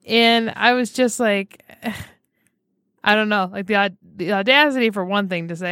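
A woman chats on a podcast and spins animated stories, acting out the people in them. Her voice sits at an ordinary pitch and sounds dry and close, with no room around it. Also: a little slow, smooth, no echo. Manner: animated storyteller, quotes people. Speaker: podcast co-host. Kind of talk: casual chat.

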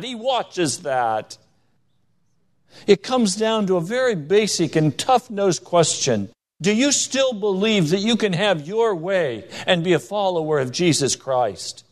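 A man preaching a sermon with emphatic delivery, rising and falling for stress, acting out quoted voices in his stories. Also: sits high. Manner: acts out quoted voices in anecdotes.

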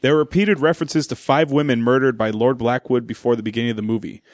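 A man's voice: medium pitch, steady tone, dry recording. A man hosting a casual podcast, running a quiz game and reading out movie trivia. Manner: fast, reads trivia and game rules.

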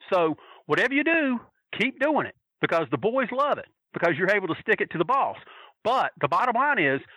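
A man telling a story in a casual, animated way, swearing freely and acting out the voices of the people he quotes. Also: sits high, dry recording, rough recording. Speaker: storyteller recalling wrestling fan days.

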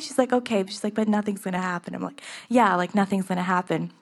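A woman's voice: mid-range voice, steady tone, fast talker, hardly any pauses. A young woman telling a personal story in the first person, earnest and emotional, laughing at times. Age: young adult.

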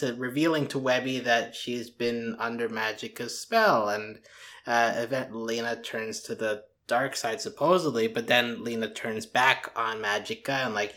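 A man co-hosting a casual cartoon review chat, speaking in halting bursts with frequent restarts and fillers. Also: medium pitch, pushed and bright. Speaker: podcast co-host.

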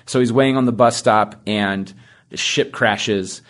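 A man hosting a casual podcast interview, retelling cartoon episodes and acting out the quoted lines with lively energy. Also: lowish voice, unhurried. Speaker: podcast host.

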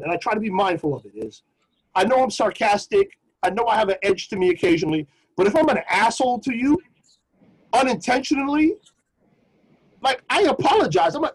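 A man co-hosting a podcast, telling a personal story in a casual, slangy, animated way. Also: sits high, breathy edge, low-quality recording. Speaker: podcast co-host.

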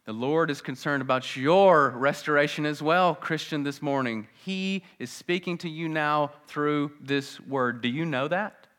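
A male pastor giving a sermon in a church, swinging from biting sarcasm to hushed, earnest appeals. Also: fairly high pitch, measured pace, hardly any pauses. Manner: sarcastic, then dramatic with wide swings between loud and hushed.

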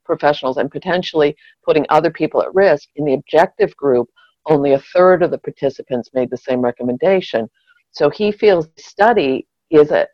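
A woman's voice: sits low, dry recording, dull audio. A woman co-hosting a casual chat, thinking aloud in a reflective, wry, digressive way. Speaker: podcast co-host.

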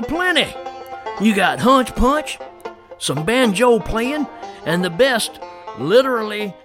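Guy doing a folksy cowboy selling a barbecue, drawly and swooping, faint music. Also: heavily acted. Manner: drawling country huckster pitch. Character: folksy old cowboy actor hawking a barbecue. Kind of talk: spoof radio ad.

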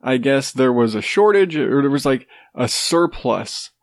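A man's voice: medium pitch, expressive, measured pace, dry recording. A man with a congested, stuffy nose, rambling sarcastically in a casual, profane chat. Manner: rambling, sarcastic, swears freely.

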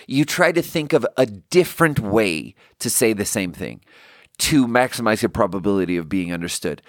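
A man's voice: on the low side, animated, normal speed, no room sound, studio quality. A man hosting a casual comedic monologue, rambling with restarts, swearing freely and acting out the people he quotes. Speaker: podcast host.

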